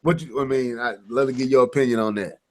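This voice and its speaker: A man's voice: mid-range voice, fairly even intonation, fast. A man in his thirties co-hosting a gaming podcast, telling stories animatedly with lots of restarts and quoted banter. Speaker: podcast co-host. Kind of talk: casual gaming podcast chat.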